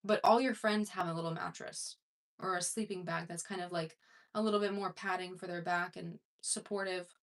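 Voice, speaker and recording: A woman's voice: lowish voice, steady tone, moderate pace. A woman self-improvement coach talking casually to her viewers, conversational and rambling, with many fillers and restarts. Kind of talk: casual talk to camera.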